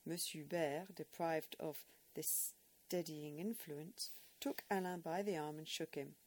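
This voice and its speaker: Woman narrator, slightly low voice, measured expressive reading. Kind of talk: audiobook narration.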